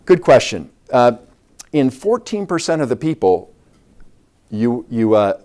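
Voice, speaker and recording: A man's voice: mid-range voice, very animated, a little slow, a little mellow. A man, a doctor guest, explaining step by step in an interview.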